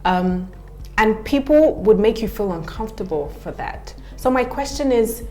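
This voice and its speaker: A woman's voice: medium pitch, moderate pace. A woman with a British London accent, a TV host and actress chatting frankly as a guest. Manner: frank, animated storyteller. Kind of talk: casual chat.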